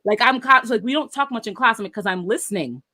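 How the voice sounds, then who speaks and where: A woman with a fairly high, very bright and forceful voice, talking on a podcast. She speaks emphatically and swears, landing her points hard and joking in between. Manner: emphatic, profane, quick to joke. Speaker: podcast co-host. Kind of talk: casual chat.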